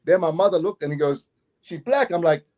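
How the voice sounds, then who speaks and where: A middle-aged man from Queensland, Australia, with an Australian accent, telling a long travel story as an interview guest, animated and given to repeating his words and chuckling. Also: a little high, fast talker, muffled recording. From Doomadgee, Queensland, Australia. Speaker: guest actor and festival promoter.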